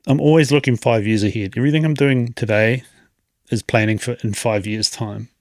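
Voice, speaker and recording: A man in his late thirties with a mid-range voice and a gravelly, creaky texture. He hosts a podcast, rambling and reflecting as he talks, and often breaks off with a chuckle. The sound is close and dry. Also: mid-range voice, fairly even intonation, fairly quick, no echo. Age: 30s. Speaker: podcast host. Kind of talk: casual podcast monologue.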